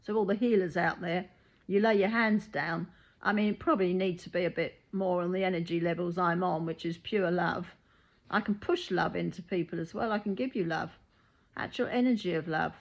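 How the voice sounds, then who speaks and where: A woman's voice: lowish voice, fairly even intonation, normal speed, highs cut off. A woman, a reiki healer talking in a blunt, matter-of-fact monologue and acting out the voices of people she quotes. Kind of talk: casual spoken monologue.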